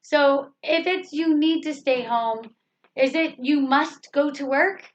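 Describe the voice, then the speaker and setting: Speaking slowly in a high voice, this woman explains English grammar with patience, going over example sentences again and asking rhetorical questions. The sound quality is lo-fi and a bit dull.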